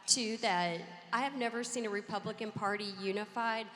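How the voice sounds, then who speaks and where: A woman's voice: fairly high pitch, fairly even intonation, moderate pace, fairly bright tone, faint music behind. A woman from Kentucky with a Southern accent, speaking as a panelist, earnest and pleading. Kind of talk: convention panel talk. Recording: hall reverb.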